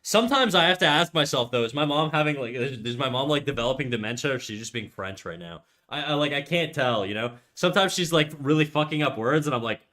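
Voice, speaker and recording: This young man from Canada talks almost nonstop as he draws on his stream, fast and animated with hardly a pause, his medium-pitched voice bright and forceful. The chat is casual and rambling, laid-back, and full of swearing.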